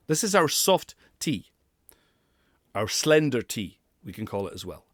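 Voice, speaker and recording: A man's voice: mid-range voice, sing-song, a little slow, dry recording, clean studio sound. A man coaching pronunciation who demonstrates sounds and laughs often. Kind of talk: pronunciation lesson.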